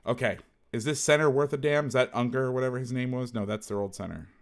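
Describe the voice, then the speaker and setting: A man's voice: mid-range voice, fast. A man who coaches football, talking casually through game film, blunt and salty, thinking aloud and correcting himself as he goes.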